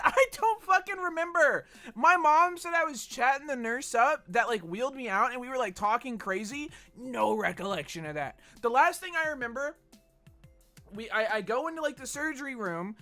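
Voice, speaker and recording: A man's voice: extremely high pitch, pushed and bright. A man streaming a game, chatting casually in a rambling, profane way. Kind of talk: casual chat while gaming.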